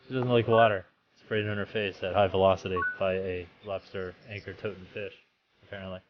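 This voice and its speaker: Man, player, dry wry asides, lo-fi muffled mic, low-ish voice. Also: flat delivery, brisk, background noise. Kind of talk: casual let's play chat. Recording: dull lo-fi mic.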